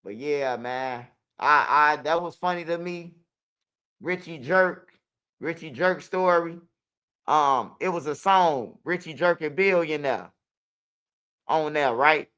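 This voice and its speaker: A man's voice: on the high side, slow pace, pushed and bright, clear, resonant tone, highs cut off. A young man with a Chicago accent telling street stories in loose, profane casual talk. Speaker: interviewee. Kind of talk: casual storytelling.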